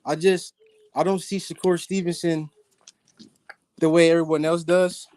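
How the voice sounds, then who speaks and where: A man's voice: a little high, little pitch movement, a little slow, darkish tone, dry recording. A man calling in to a live boxing talk stream, giving his opinions hesitantly with many restarts. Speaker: caller. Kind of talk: casual debate call-in.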